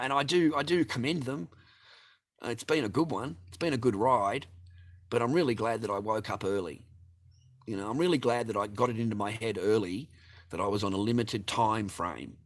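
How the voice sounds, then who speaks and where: A middle-aged man ranting to his viewers about his marriage, swearing, aggrieved and repeating himself. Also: medium pitch. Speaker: vlogger. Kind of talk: angry personal rant to camera.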